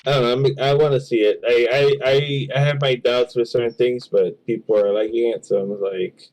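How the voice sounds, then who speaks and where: A man's voice: mid-range voice, fairly even intonation, brisk, a little mellow, rough recording. A man co-hosting a casual podcast chat, speaking hesitantly with frequent restarts. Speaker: podcast co-host.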